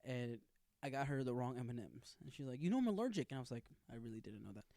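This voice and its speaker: A man's voice: medium pitch, fast, darkish tone, no echo, clean studio sound. A young man in casual podcast chat, loose and joking, swearing freely and acting out what people said. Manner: loose, joking, swears a lot, acts out quotes. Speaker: podcast co-host.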